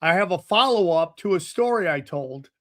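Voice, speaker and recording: A man from upstate New York, a comedian and podcast host, telling a story with lively delivery and deadpan asides. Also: sits high, moderate pace.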